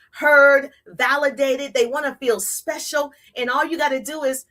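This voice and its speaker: A woman giving an energetic, repetitive live-stream coaching talk on social media business, chatting with her viewers. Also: high voice. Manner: energetic, repetitive, playful hype.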